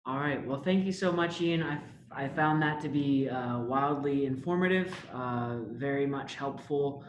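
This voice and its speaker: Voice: mid-range voice, measured pace, a little hiss or hum. A webinar host moderates the session over a video call, polite and announcing, with many small fillers between phrases. The voice sits in an echoey room.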